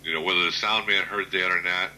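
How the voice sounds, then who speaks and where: Interview guest, male, 60s, very deep but bright-edged voice, plainspoken storyteller. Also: steady tone, a little hiss or hum, low-quality recording. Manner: unhurried, plainspoken anecdotes. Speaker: guest author.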